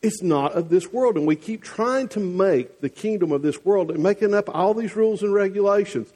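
A man's voice: high-pitched, lively intonation, moderate pace, mellow. A man with a Southern US accent preaching a sermon as the church's pastor, folksy and teasing one moment, earnest the next.

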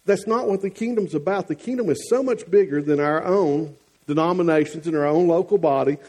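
A man's voice: a little high, a little fast, a little mellow. A man with a Southern US accent preaching a sermon as the church's pastor, folksy and teasing one moment, earnest the next.

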